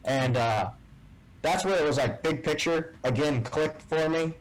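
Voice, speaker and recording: A man as a guest in a casual interview, telling a story and acting out the dialogue with lively shifts in voice. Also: fairly high pitch, a little slow, poor audio. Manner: animated storyteller who acts out quoted dialogue. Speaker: guest, tournament bass angler.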